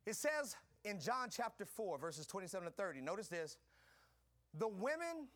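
A man preaching a sermon, calling out to his congregation and swinging between quiet teaching and shouting. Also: sits high, sing-song, moderate pace. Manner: preaching with call-and-response, swinging from soft to shouting. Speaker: pastor.

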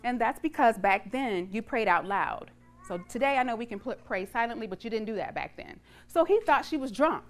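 A woman preacher retelling a Bible story in a sermon, dramatic and lively with touches of humor. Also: fairly high pitch, brisk.

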